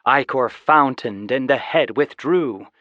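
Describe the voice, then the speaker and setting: A man narrating a fantasy audiobook in steady, scripted storytelling. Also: medium pitch, slow, no room sound. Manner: even, steady storytelling with voiced dialogue. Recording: slightly dull, dry studio recording.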